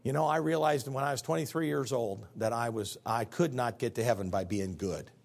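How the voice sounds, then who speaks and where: A man preaching a sermon as pastor, folksy and emphatic, swinging from loud outbursts to hushed tones. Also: mid-range voice, fairly quick, vocal fry. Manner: folksy, conversational asides to the congregation.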